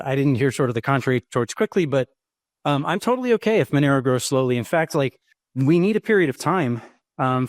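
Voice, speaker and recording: A man's voice: medium pitch, dry recording, studio quality. A man in a casual online group discussion, speaking from a gym, a little out of breath, rambling and hedging with lots of ums and you-knows. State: slightly out of breath. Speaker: discussion participant.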